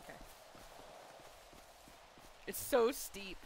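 A woman streaming a game roleplay, chatting excitably and calling out to her in-game dog while hunting. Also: mid-range voice, very slow, slight background noise.

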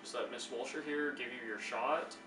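A man's voice: mid-range voice, steady tone, moderate pace, noisy background, lightly acted. A man playing a coaxing, taunting caretaker. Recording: echoey and distant, faint music.

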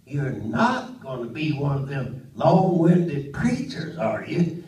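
An older man preaching a Pentecostal sermon in a church, swinging from quiet storytelling up to loud, high-pitched shouting. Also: big pitch swings, slow pace, background noise. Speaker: pastor. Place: church sanctuary. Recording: roomy church audio from a distant mic.

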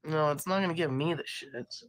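A woman chatting on her live stream with a voice roughened by illness. She rambles, swears casually and talks in an easy, loose way. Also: low voice, moderate pace, poor audio. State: hoarse from illness.

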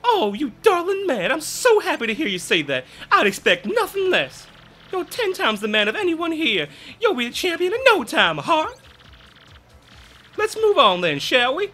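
A man's voice: very high voice, wildly swooping pitch, moderate pace, pushed and bright, soft background music, voice pushed up, full character voice. A man voicing a prim, theatrical female wind spirit who gushes in genteel old-fashioned exclamations while playing a video game. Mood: swooning. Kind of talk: let's play character reading.

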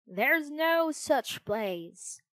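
A woman reading aloud plays the ghost of a cricket in a storybook, slow and scolding. The words drag out deliberately, recorded close and dry. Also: sits high, sing-song, fairly bright tone, no room sound, voice pushed up, heavily acted.

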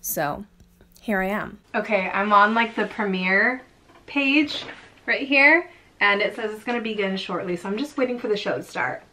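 A young woman vlogger talking casually as she reacts, gushing and excitable, sometimes breaking into laughing shrieks. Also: medium pitch, normal speed.

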